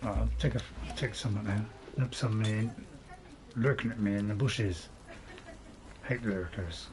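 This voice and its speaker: A man's voice: fairly low pitch, fairly even intonation, brisk. A man giving casual, rambling commentary while playing a game, chuckling to himself now and then. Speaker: gaming video host.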